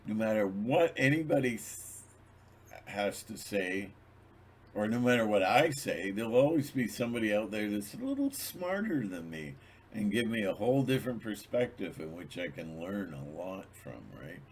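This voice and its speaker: A man's voice: fairly low pitch, sing-song, moderate pace, slightly rough. A man hosting his own channel, talking in a rambling, digressive monologue with many restarts. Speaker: channel host.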